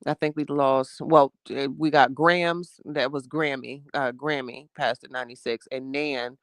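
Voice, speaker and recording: Gravelly, chatty man live-streaming from home. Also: medium pitch, steady tone, unhurried, no echo. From New Jersey. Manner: chatty, heartfelt, swings into loud exclamations. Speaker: live streamer reading chat. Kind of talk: casual live-stream chat.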